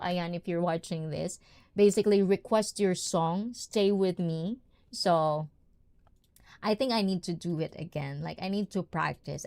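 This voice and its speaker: A bubbly woman with a fairly low voice hosts a casual livestream from home. She giggles often and chats warmly with her viewers. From Filipina-Japanese. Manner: bubbly, giggly, mixes in Tagalog and Japanese words. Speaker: livestream host. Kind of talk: casual livestream chat reading the chat.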